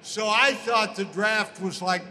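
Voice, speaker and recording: An older American man recounts his career with animated relish, slipping into the voices of the people he quotes. His voice sits high and bright. The room adds a long reverb tail, and a faint background hum runs beneath it. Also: a little slow. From United States. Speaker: interview guest, former pro football player. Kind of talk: storytelling in a casual interview.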